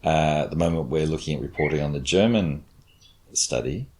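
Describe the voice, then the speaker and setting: A man's voice: very deep voice, fairly quick, a little mellow. A man, a cognitive scientist, explaining his experiments patiently in a casual chat and demonstrating intonation.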